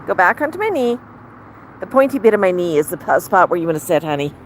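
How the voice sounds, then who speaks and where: A woman's voice: fairly low pitch, sing-song, fast talker, low-quality recording. A woman hosting a casual livestream with her pet bird, cooing baby talk to it and chatting with viewers. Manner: coos baby talk to the bird and reads out chat comments. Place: outdoor patio. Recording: outdoor traffic noise. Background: passing cars.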